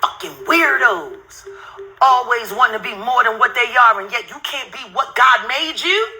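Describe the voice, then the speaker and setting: Mad woman venting on her channel, swears a lot, repeats herself, counts off items sarcastically, super bright and piercing. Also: a little high, moderate pace. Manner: heated, cursing, repetitive, counts aloud sarcastically. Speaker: channel host ranting to viewers. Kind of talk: angry profane rant while browsing videos on screen.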